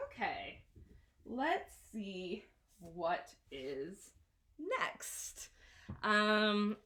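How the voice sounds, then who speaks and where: A young adult woman teaching English vocabulary at a classroom whiteboard, explaining words slowly and modeling their pronunciation again and again. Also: a little high, sing-song, fairly bright tone. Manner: slow, careful explanations with repeated modeled pronunciations. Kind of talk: vocabulary lesson.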